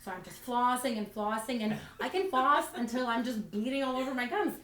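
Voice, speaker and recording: Fairly high-pitched and a bit bright, she speaks fairly quickly. It's stand-up storytelling: rambling, self-deprecating tales full of restarts, picked up by a distant mic in a roomy space.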